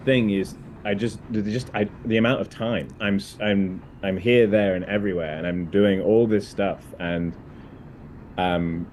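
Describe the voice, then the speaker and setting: A man chats as a guest on a live stream, speaking haltingly and restarting often. His voice is very deep. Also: darkish tone, a little hiss or hum. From United Kingdom. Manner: halting, with many restarts and fillers. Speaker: guest on a photography chat stream. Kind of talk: casual live-stream chat.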